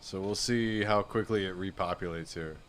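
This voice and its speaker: Laid-back lower-voiced male streamer. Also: moderate pace, a little hiss or hum. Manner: laid-back, rambling, says "dude" and "you know what I mean". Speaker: flight sim streamer. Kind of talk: casual live-stream chat.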